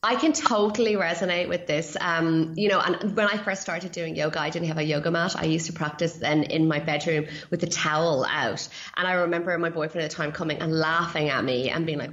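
Woman coach, podcast guest, earnest and animated, lots of "like" fillers, echoey and dull sound. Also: low-pitched, fairly quick, few pauses. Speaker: guest, feng shui and yoga coach. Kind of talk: casual podcast conversation.

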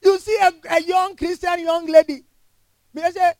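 High, impassioned male preacher. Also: moderate pace, creaky, dry recording, poor audio. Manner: impassioned, scolding, emphatic. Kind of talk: sermon.

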